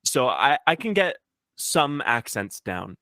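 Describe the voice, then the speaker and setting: A man's voice: medium pitch, big pitch swings, slow, pushed and bright, no echo. A young man guesting on a casual interview, easygoing, with a slight cold. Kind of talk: casual chat.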